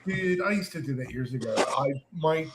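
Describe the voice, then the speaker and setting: A man's voice: fairly high pitch, expressive, brisk, a crowd in the background. Easygoing man in a roomy space. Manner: easygoing, agreeable, affirming. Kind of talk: casual chat.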